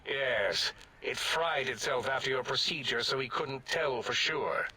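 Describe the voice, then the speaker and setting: An actor playing an eccentric, rambling male scientist in a video game, pompous and prone to contradicting himself, with a husky voice. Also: medium pitch, unhurried, pushed and bright, heavily acted. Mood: regretful. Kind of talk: game character dialogue.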